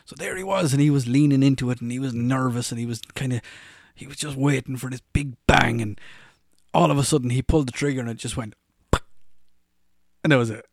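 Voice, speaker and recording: A man's voice: mid-range voice, brisk, dry recording, studio quality. An Irish man in his forties, a podcast host rambling through funny anecdotes and laughing at his own stories. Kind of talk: casual anecdotal storytelling.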